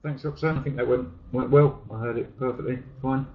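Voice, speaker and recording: A man moderates an online seminar with short, relaxed remarks. The sound is muffled, and a faint hiss sits under his voice. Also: mid-range voice, brisk.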